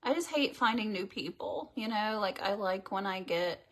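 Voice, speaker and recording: A woman's voice: medium pitch, animated, moderate pace, a bit bright. A woman hosting a casual makeup tutorial livestream, chatting and rambling to her viewers as she works. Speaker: beauty livestream host.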